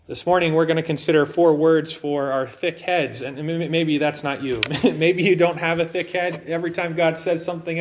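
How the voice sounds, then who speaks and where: A man preaching a sermon in a conversational way, asking rhetorical questions and using light humor. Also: on the high side. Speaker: pastor.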